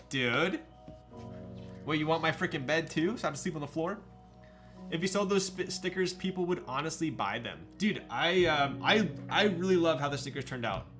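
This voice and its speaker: A young man with a slightly high, somewhat bright voice chats casually on a live stream as he builds a keyboard. He jokes around, teases, and reads viewer messages out loud.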